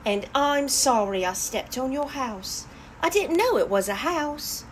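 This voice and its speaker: A woman's voice: high voice, animated, measured pace, a little hiss or hum. Woman voicing a timid little hare boy. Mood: eager. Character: timid young male hare, anxious.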